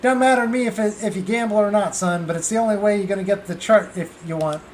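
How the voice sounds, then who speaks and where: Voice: medium pitch, lively intonation, normal speed, slight background noise, close to an everyday voice. A streamer voicing a crooked adult male gambler who puts on a folksy drawl, reading game dialogue aloud. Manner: drawling, folksy, calls everyone son.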